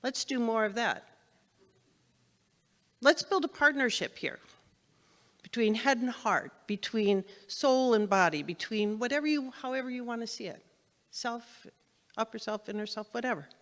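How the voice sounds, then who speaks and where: A woman's voice: mid-range voice, fairly bright tone. A woman minister giving a spiritual lesson to her congregation, conversational and repeating phrases for emphasis. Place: spiritual center meeting hall. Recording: long reverb in a hall.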